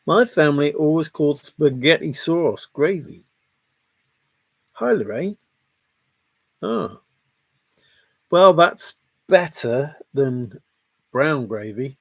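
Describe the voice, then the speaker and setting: A man's voice: a little high, expressive, takes it slowly, gravelly, long pauses, no room sound. A man hosting a casual livestream, reading chat and greeting viewers by name in a jokey, chatty way. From half Italian, half Scottish heritage.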